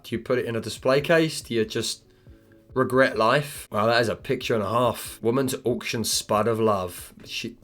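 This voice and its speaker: A young man reacting to odd online listings in comedic commentary, animated and profane, with mumbled asides. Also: on the low side. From United Kingdom. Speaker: commentary host.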